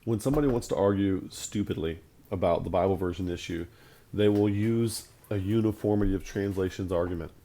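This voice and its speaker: Mellow low-voiced Bible teacher. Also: male voice, fairly quick. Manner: emphatic, conversational, repeats points for stress. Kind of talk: video Bible lesson.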